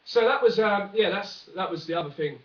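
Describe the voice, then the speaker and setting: A man's voice: sits high, brisk, soft background music. A young man rambling through a jokey, one-take comic news rant, full of fillers and asides. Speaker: vlogger. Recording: dull, roomy, from a distance.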